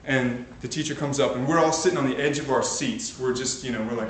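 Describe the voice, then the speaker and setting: Here a medium-pitched man talks fast, with a little hiss or hum under the audio. He's a motivational speaker facing a live group in a large room, telling stories and building to energized exhortation, recorded from a distant camcorder in an echoey space.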